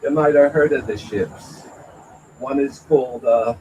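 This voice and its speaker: A man doing a stand-up comedy set at an open mic, with a halting, stammering delivery full of fillers and chuckles at his own jokes. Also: medium pitch, darkish tone, a little hiss or hum, rough recording. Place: small venue at an open mic night.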